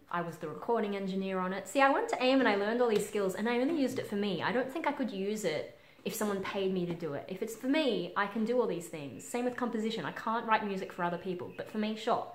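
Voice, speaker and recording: Australian woman vlogger in her twenties, lowish voice, candid and halting, echoey room. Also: a little hiss or hum. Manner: halting and frank, many ums, casual swearing. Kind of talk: candid personal vlog. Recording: roomy echo.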